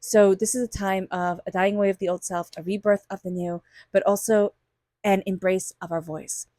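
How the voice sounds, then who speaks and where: A woman's voice: mid-range voice, steady tone, normal speed, warm tone, dry recording, clean studio sound. A woman tarot reader giving a monthly reading straight to her viewers, chatty and enthusiastic, sometimes acting out little quoted voices.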